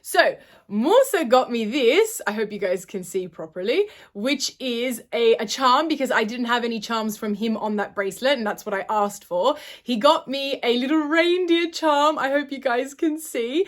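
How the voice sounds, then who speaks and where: A woman's voice: on the high side, animated, moderate pace. A young woman from Australia with an accent that is not typically Australian, chatting enthusiastically in a vlog about her gifts. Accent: not a typical Australian, somewhat British-sounding. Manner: chatty and enthusiastic, with small self-corrections. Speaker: vlogger. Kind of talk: casual chat.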